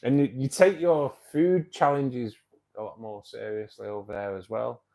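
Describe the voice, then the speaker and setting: A man's voice: medium pitch, steady tone, normal speed, vocal fry, mellow. A man, hosting a casual live-stream chat about his hobby, rambling with lots of fillers and restarts. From England. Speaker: fishkeeping club host.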